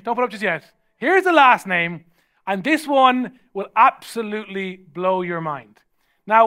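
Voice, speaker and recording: A middle-aged Irish man preaching a sermon as pastor, humorous and energetic, now and then raising his voice to a shout. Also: very high-pitched. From Ireland.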